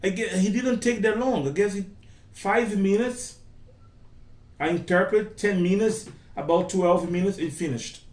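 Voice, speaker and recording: A man's voice: high voice, measured pace, a little mellow, recorded from a distance. Brazilian-accented man teaching in an echoey room. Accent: Brazilian Portuguese. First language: Portuguese. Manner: chatty, repeats phrases, acts out quoted lines. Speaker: English conversation teacher. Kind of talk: casual conversation class.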